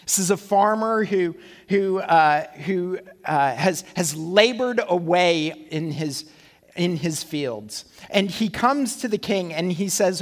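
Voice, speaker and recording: A male pastor preaches in a conversational, animated way and keeps posing rhetorical questions. His voice sits notably high. A long reverb trails through the hall behind him. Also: slow pace. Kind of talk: sermon.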